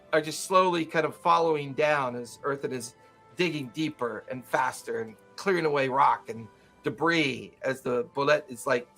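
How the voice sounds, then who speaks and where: A man's voice: a little high, a bit bright. A man narrating a tabletop game as game master, describing scenes vividly with loose fillers.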